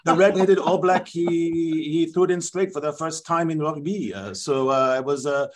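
A man voicing a bumbling, apologetic male French rugby referee in a comedy sketch, with a mock French accent and a hesitant, sheepish manner full of pauses. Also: on the high side, close to an everyday voice. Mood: flustered.

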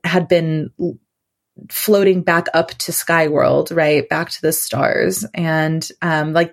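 Gravelly low-voiced woman telling a story. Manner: loose and rambling, with many fillers like "like". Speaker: podcast guest. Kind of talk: casual personal storytelling.

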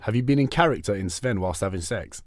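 A man hosting a casual podcast chat, full of excitable, sweary banter. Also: on the low side, fast talker. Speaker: podcast host.

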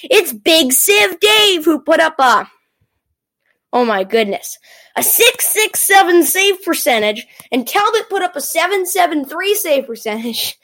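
Very high-voiced, excitable woman fan. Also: a little slow, rough recording. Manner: excitable, teasing, exclaims often. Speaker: hockey fan recapping a game. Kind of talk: playful sports recap monologue.

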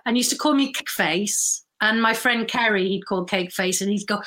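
A woman's voice: medium pitch, moderate pace, hardly any pauses. A woman, telling stories in a casual chat, laughing often. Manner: warm storytelling, laughs often, mimics voices. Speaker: guest.

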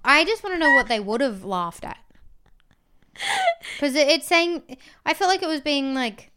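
A woman comedian co-hosting a casual chat, telling stories in an animated, rambling way, full of "like". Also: sits high, moderate pace, long pauses. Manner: animated, rambling storyteller with many "like"s. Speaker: comedian and podcast co-host.

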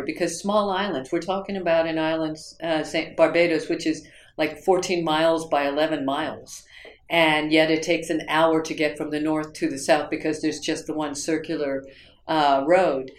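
A woman from the United States, interviewed about her teaching, rambling along with fillers and restarts. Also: sits low. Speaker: interviewee, writing instructor. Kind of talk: reflective interview storytelling. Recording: roomy echo.

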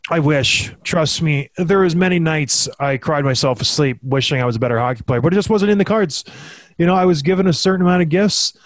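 A man with a slightly high voice hosts a laid-back podcast chat, joking and poking fun at himself. His voice is dry and close, with no room sound around it. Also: a little fast, dry recording. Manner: joking, self-deprecating, plain-spoken. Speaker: podcast host, former hockey player.

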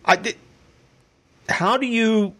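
A man's voice: high voice, slow, pushed and bright. A man hosting a casual commentary show, reading news articles aloud and asking rambling questions about them. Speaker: host.

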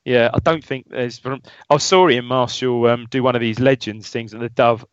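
A man's voice: medium pitch, steady tone, normal speed, smooth, no room sound. A man co-hosting a casual football podcast, chatty and rambling with frequent laughs. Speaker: podcast co-host. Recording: dull lo-fi audio, dry.

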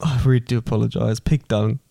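A man's voice: mid-range voice, fairly even intonation, a little fast, vocal fry, warm tone, dry recording. A young man trades dry, teasing banter on a casual podcast. His voice sits around the middle for a man, and the recording is dry and close with no room sound. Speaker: podcast co-host, the son. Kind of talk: casual chat.

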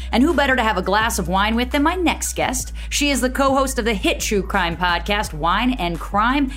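A woman's voice: mid-range voice, a bit bright. A woman hosting a true-crime podcast, chatty with her guest and narrating from a script. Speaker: podcast host.

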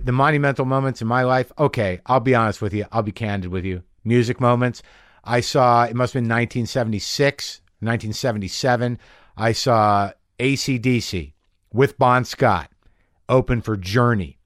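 A middle-aged man hosting a podcast from his garage, telling rambling stories in an animated way, swearing freely. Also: mid-range voice, normal speed, no room sound, studio quality. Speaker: podcast host. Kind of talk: casual monologue. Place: home garage.

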